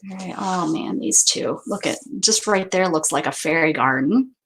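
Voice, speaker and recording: A woman's voice: on the low side, expressive, normal speed, fairly bright tone, slightly rough, rough recording. A woman hosting a crafting video, chatting casually to viewers and thinking aloud as she sorts paper. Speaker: craft channel host. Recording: noticeable background noise.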